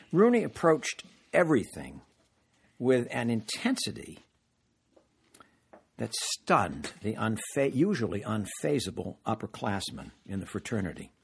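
An older man reading from his own memoir to a live audience in a measured, deliberate way, with occasional hesitations. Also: fairly low pitch, wildly swooping pitch, creaky, a little hiss or hum.

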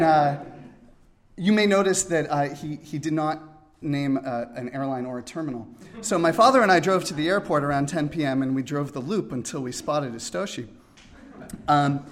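A middle-aged man telling a personal story in a conversational way, with fillers and amused asides. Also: fairly high pitch.

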